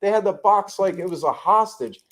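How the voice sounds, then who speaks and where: A man from the United States hosting a casual livestream chat from home, blunt and animated, cursing freely as he tells stories. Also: sits high, normal speed. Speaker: vlog host. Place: home in the tropics.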